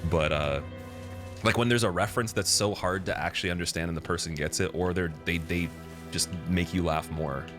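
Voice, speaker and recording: A man's voice: sits low, fairly quick, fairly bright tone, soft background music. A young man streaming a game, chatting casually with a rambling, laughing manner. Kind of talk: casual live gameplay commentary.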